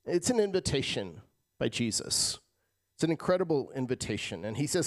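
A man preaching a sermon as pastor, shifting between loud emphatic lines and quiet, casual asides to the congregation. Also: on the high side, expressive, normal speed. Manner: casual, addresses crowd as guys.

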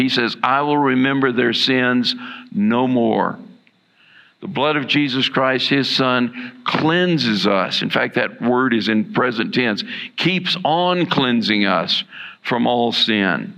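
A man preaching a sermon as pastor, earnest and repeating key lines for emphasis, with a gravelly voice. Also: medium pitch, animated, slow, fairly bright tone.

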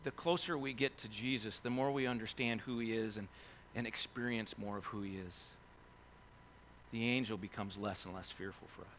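A man preaching a sermon, telling stories in an animated way with many asides to the listeners. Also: fairly low pitch, normal speed, a little hiss or hum. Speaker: pastor.

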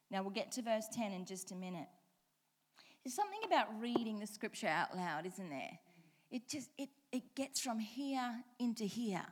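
A woman's voice: medium pitch, lively intonation, normal speed. A woman preaching a sermon, reading scripture aloud and repeating key lines with changing emphasis, asking the congregation direct questions.

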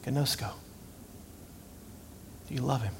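A man's voice: mid-range voice, slow, creaky, slight background noise. A man preaching a sermon as pastor, conversational and self-deprecating. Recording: long reverb.

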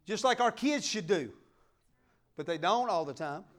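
A middle-aged man preaching a sermon, fervent and emphatic, swinging between loud declarations and quiet asides. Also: high-pitched, lively intonation, moderate pace. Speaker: pastor.

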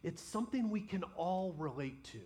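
High-voiced impassioned male preacher. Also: lively intonation, moderate pace, warm tone. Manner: impassioned, voices imagined prayers aloud. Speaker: pastor. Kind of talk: sermon.

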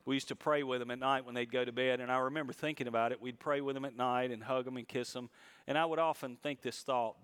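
Pastor preaching with rising emphasis. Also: male voice, medium pitch, clear, resonant tone. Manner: expressive preaching, rising loud for emphasis and slowing on key phrases. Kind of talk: sermon.

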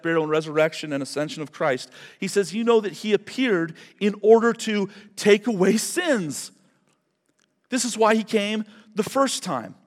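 The pastor's voice sits high, and a long reverb tail follows it as he preaches an expository sermon verse by verse. He keeps a conversational, emphatic tone and repeats words to stress them.

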